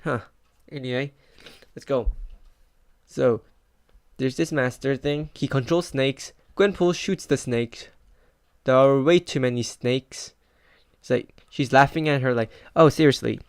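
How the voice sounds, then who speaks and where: A man's voice: medium pitch, a little slow, pauses often, smooth, no room sound. Teenage male reviewer, chatty and rambling, mid-range voice, dry recording. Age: teens. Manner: rambling, filler-heavy with frequent "like". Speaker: comic book reviewer. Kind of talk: casual comic book review.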